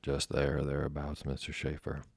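A man voicing a grave, measured ship's chief engineer. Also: very deep voice, monotone, gravelly, no echo, studio quality, heavily acted.

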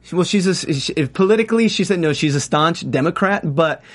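A man's voice: sits high, expressive, a little fast, fairly bright tone. A man hosting a casual panel chat about a TV series, enthusiastic and a bit rambling. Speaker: host.

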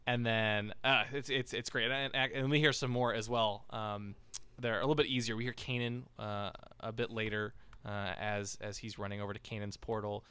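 A man's voice: lowish voice, flat delivery, moderate pace, bright, forceful tone, clean tone. A man hosting a casual podcast discussion, talking in a rambling way with many fillers and restarts. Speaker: podcast host.

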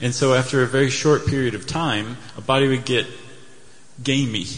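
A man's voice: mid-range voice, steady tone, moderate pace, a bit bright. A man co-hosting a live podcast on stage, telling history in a jokey way, slipping into silly quoted voices. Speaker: podcast co-host. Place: theater stage before a live audience. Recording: live hall with long reverb.

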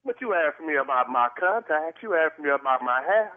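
A man's voice: a little high, expressive, fairly quick. A man arguing on a phone call, indignant, defiant and theatrical. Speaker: prank call target. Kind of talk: heated phone argument. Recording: tinny phone line.

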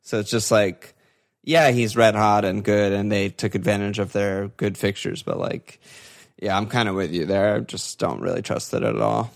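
A man's voice: fairly low pitch, steady tone, moderate pace, creaky. A man co-hosting a casual fantasy football chat, laughing often and swearing as he retells matches. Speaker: podcast co-host.

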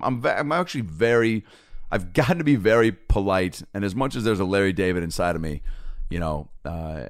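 A man, a comedian and podcast host, telling a casual story in an animated way, swearing freely and acting out both sides of the exchange. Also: sits low, no echo, studio quality.

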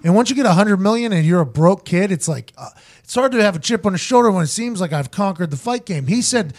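A man hosting a casual sports podcast, talking in an animated, emphatic way, repeating his points and swearing now and then. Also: high voice, quick pace. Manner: profane, joking. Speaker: podcast host.

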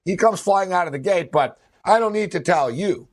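A man co-hosting a casual sports talk show, with a slightly raised pitch. He rambles through his points, leaning on fillers and laughing often. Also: expressive, normal speed. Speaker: sports podcast co-host.

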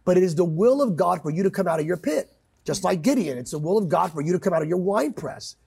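A man's voice: lively intonation, quick pace, vocal fry, darkish tone, husky. A man preaching with passion in a talk-show conversation, emphatic and quoting scripture. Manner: emphatic, quotes scripture, swings pitch widely. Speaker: pastor guest.

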